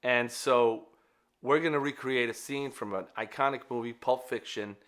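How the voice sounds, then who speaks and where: A man introducing a comedy sketch in a quick, offhand way. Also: mid-range voice, a bit bright. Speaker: stand-up comedian. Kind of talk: casual comedy sketch setup.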